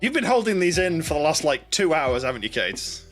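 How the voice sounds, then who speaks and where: A man's voice: big pitch swings, a bit bright, soft background music. A man co-hosting a gaming podcast in casual chat, teasing his co-hosts and breaking into frequent laughter. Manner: slow, teasing, laughs often in sudden high bursts. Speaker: podcast co-host.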